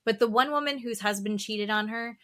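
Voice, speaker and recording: Higher pitched podcast girl, really bright tone, animated gossip. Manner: animated, quick asides, bursts of laughter. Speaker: podcast co-host. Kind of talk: casual chat about reality TV.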